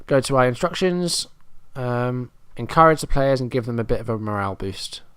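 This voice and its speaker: Talking casually over a football management game he's playing, a man narrates the action under his breath and grows frustrated as his side falters. His medium-pitched voice is a bit bright and smooth, at a moderate pace, recorded with no room sound.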